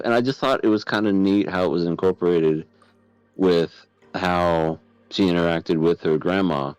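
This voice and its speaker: A man's voice: low-pitched, a little mellow, dry recording, rough recording. A man co-hosting an anime podcast, talking in a laid-back, rambling way with hesitant restarts. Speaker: podcast co-host. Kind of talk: casual chat.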